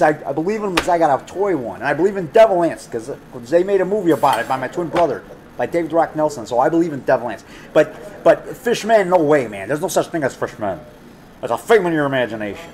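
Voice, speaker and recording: A man who makes low-budget monster movies, chatting in a restaurant. He rambles and repeats himself, jumps between topics and gets excited about old horror films. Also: quick pace. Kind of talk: rambling casual chat.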